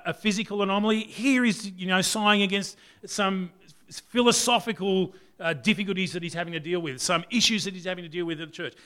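A man preaching a conversational sermon, leaning on rhetorical questions and swinging between loud and soft. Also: high voice.

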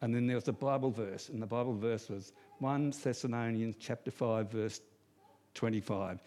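A man's voice: medium pitch, normal speed, mellow. Pastor in his sixties preaching. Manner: storytelling with humor, repeats key phrases. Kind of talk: sermon.

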